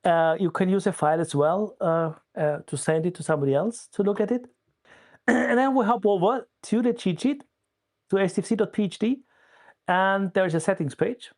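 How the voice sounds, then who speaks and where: Man calmly walking through steps. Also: high-pitched, normal speed. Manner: steady, step-by-step explaining. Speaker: guest explaining a tool. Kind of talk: casual walkthrough.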